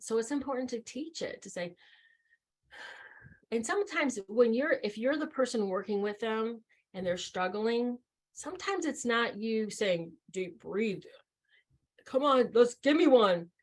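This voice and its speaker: Woman trainer talking casually. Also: fairly high pitch. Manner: conversational, lots of fillers and restarts. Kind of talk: presenting a training session.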